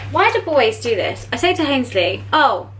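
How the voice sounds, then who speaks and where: A woman's voice: high-pitched, big pitch swings, normal speed, a bit bright, a little hiss or hum, rough recording. Chatty young British woman vlogging. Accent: British English. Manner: chatty, rambling, lots of "like" and asides. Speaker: lifestyle vlogger. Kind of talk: casual vlog chat to camera. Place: home kitchen.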